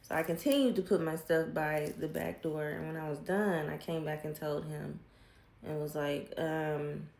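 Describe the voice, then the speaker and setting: A woman's voice: sits low, fairly even intonation, moderate pace, vocal fry, darkish tone, echoey room. A woman, candidly telling her own story in casual talk and swearing freely. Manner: candid, swears freely, acts out quoted family voices.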